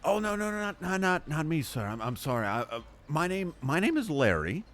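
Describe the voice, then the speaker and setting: A man's voice: fairly high pitch, big pitch swings, a little fast, fairly bright tone, pitched above the performer's own voice. A man voicing a bumbling male adventurer who stammers and apologizes. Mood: flustered.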